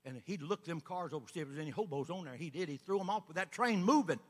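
A man preaching a sermon as an evangelist, folksy storytelling that builds up to shouting. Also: fairly high pitch, lively intonation, quick pace, long reverb tail. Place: church sanctuary.

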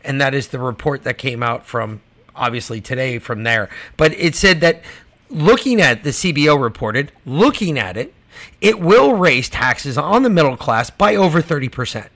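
A man's voice: mid-range voice, sing-song, normal speed, fairly bright tone. A male podcast co-host ranting casually and profanely about prices and taxes. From Georgia. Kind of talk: casual political chat.

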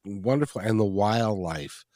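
Host, man, low voice, halting and repetitive delivery, dry sound. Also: animated, mellow, no echo. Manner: halting, repeats words and restarts. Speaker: interview host. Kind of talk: casual chat.

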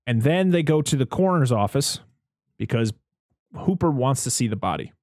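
A man's voice: medium pitch, lively intonation, normal speed, a little mellow, no room sound, studio quality. A man casually recapping a film on a podcast, rambling and stopping himself, laughing often and acting out quotes. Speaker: podcast co-host.

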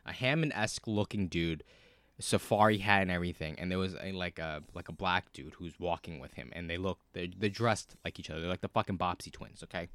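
A man telling a story in casual podcast chat, cursing a lot, with many fillers and animated bursts. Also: deep voice, brisk, dry recording. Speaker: podcast co-host.

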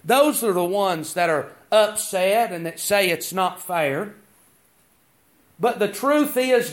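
A man's voice: high-pitched, a bit bright. A man preaching a sermon, asking rhetorical questions and reading scripture.

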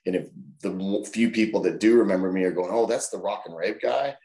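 A man telling animated stories as an interview guest, acting out other people's voices. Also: deep voice, brisk, echoey room. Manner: animated, acts out voices in anecdotes. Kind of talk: casual storytelling in an interview.

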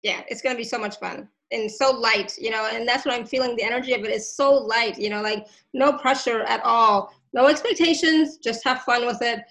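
Brief: woman host, fairly high-pitched, effusive and thankful, chatty and quick to laugh. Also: a bit bright, poor audio. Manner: effusive and grateful, laughs often. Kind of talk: casual chat.

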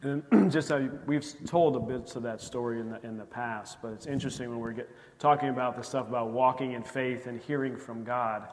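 A male pastor preaching a sermon, telling a story and acting out the dialogue with lively energy. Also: mid-range voice, brisk, few pauses. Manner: animated storytelling, acts out dialogue. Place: church sanctuary. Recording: church hall reverb.

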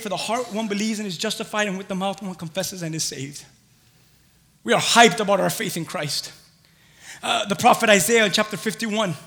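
Man preaching, excitable, very high bright voice, long hall reverb. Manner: excitable, swings from quiet to shouting. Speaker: pastor. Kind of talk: sermon.

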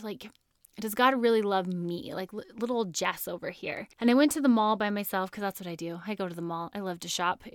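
A woman's voice: medium pitch, clear, resonant tone, no echo, clean studio sound. A woman in her thirties hosting a podcast, telling a personal story in an earnest, chatty way and laughing often. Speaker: podcast host.

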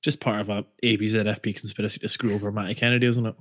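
A man with a somewhat low voice trades wry, deadpan remarks with his co-host on a casual podcast. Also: rapid-fire. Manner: dry, wry banter. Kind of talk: casual football podcast banter.

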